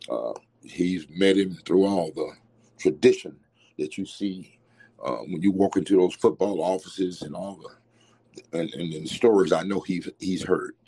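A middle-aged man with a low, mellow and slightly husky voice. He reminisces about his late father in an interview, halting and restarting his sentences as he speaks fondly. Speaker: interviewee, son of the former coach. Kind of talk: reflective interview recollection.

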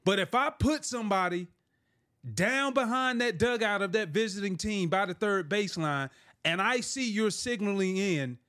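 A man's voice: sits high, normal speed, fairly bright tone. A middle-aged man co-hosting a podcast, challenging his partner by walking through hypotheticals and pressing with questions. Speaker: podcast co-host. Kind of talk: heated sports debate.

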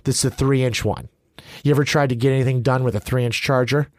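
A man's voice: medium pitch, steady tone, brisk, no echo. A man from the American Midwest co-hosting a podcast, telling rambling stories in casual chat, with lots of restarts and asides. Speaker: podcast co-host. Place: lives in Los Angeles.

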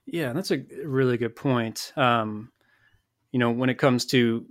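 A man's voice: medium pitch, no echo, clean studio sound. A man hosting a podcast interview, asking long, thoughtful questions with frequent restarts. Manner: thoughtful, halting, many restarts. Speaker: podcast host.

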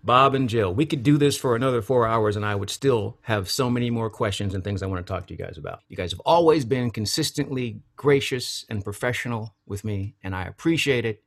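A man hosting a casual horse racing podcast, relaxed and appreciative, laughing easily. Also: on the low side, brisk, gravelly, few pauses. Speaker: podcast host.

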